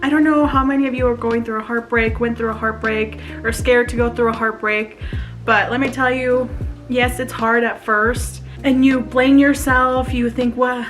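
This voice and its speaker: A woman's voice: fairly high pitch, fairly even intonation, moderate pace, a bit bright, faint music behind. Chatty, emotional young woman vlogger. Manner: emotional, nervous laughter, chatty. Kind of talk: casual confessional vlog, reading a journal aloud.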